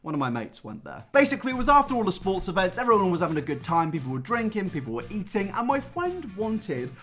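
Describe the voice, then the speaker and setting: A man's voice: sits high, sing-song, fast talker, over music. A man hosting a commentary vlog, cracking sarcastic, self-mocking jokes between points. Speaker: YouTube commentator.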